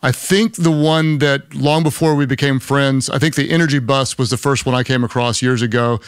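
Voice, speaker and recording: A man's voice: mid-range voice, steady tone, normal speed, smooth, no echo, studio quality. A man from Oklahoma with a Southern accent, hosting an interview and enthusiastically praising his guest. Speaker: podcast host. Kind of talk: interview host conversation.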